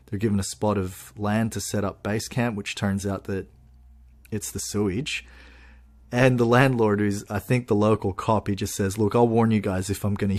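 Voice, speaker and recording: Podcast guy, lower voice, animated and laughing, lots of restarts. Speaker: podcast co-host. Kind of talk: casual chat. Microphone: podcast microphone.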